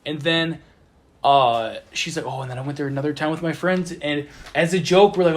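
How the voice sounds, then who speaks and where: A man's voice: medium pitch, steady tone, fairly quick. A young man hosting a casual podcast with friends, telling a story with lots of stammered repeats, recorded on a phone. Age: young adult. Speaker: podcast host telling stories. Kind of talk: casual chat among friends. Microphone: phone voice memo app.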